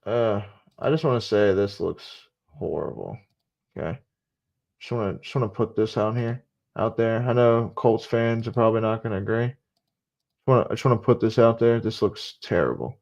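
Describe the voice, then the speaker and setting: A man's voice: fairly low pitch, moderate pace, creaky, darkish tone. A man casually talking through a live sports stream, repeating himself and muttering asides. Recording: dull lo-fi stream audio.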